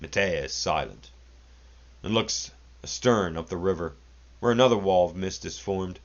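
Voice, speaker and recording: A man with a very deep, low voice reads a classic story aloud at a measured, deliberate pace. The sound is dull and lo-fi, with the top end muffled. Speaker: narrator.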